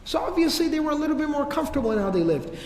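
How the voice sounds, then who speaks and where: Man, casual religious lecture, conversational with slang, fairly high voice, echoey hall. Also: sing-song, rapid-fire, darkish tone. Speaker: religious teacher. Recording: echoey hall with long reverb.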